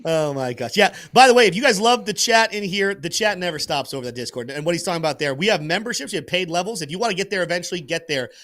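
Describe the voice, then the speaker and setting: A man hosts a crypto livestream, his fairly high voice bouncing up and down in pitch as he pushes viewers to like the video and join up. He talks with an animated, salesy drive. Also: fast, hardly any pauses. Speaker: crypto show host. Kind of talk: livestream market commentary.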